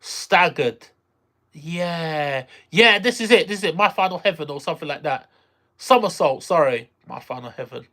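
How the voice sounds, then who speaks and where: A streamer casually reacting live to a game, excitable, repeating phrases and exclaiming. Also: mid-range voice, normal speed.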